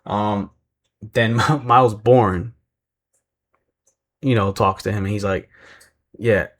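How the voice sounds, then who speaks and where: A man's voice: lowish voice, fairly even intonation, takes it slowly. A man casually recapping a wrestling show, rambling and poking fun at himself, sometimes mimicking the people he describes. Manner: rambling, self-deprecating, mimics voices when retelling.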